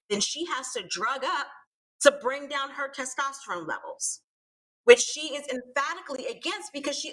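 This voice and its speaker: A woman's voice: high voice, pushed and bright, poor audio. A woman co-hosting a live panel talk show, explaining her point emphatically and stressing key words. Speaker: co-host.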